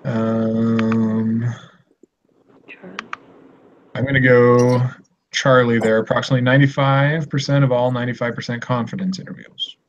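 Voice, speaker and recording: A young man in a student study group on a call, measured and deadpan as he works through problems. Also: medium pitch. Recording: dull audio with faint noise.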